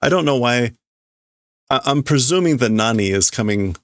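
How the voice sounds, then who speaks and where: A man's voice: mid-range voice, expressive, normal speed, no echo, clean studio sound. A man streaming live as he reads a manga aloud and translates it, thinking aloud and hesitating over the words. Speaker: streamer host.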